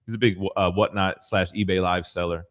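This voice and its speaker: A man's voice: sits low, steady tone, brisk. Slangy hype dude in his 40s on a live stream from his basement, cussing, reading chat. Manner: slangy, hype, swears freely; reads chat messages aloud. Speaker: co-host of a collectibles morning show. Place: home basement.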